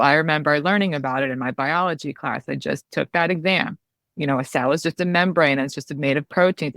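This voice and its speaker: An emergency physician appears as a guest on a podcast and tells a candid personal story, chatting freely with lots of "you know" and "like." Her voice is low and slightly bright, captured at studio quality with no echo.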